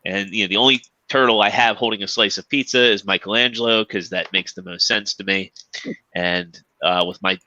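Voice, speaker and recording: A man's voice: on the low side, fairly even intonation, fairly quick, pushed and bright, dull audio. A man co-hosting a podcast, chatting casually about his toy collection, rambling and restarting his sentences often. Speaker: podcast co-host. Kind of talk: casual chat.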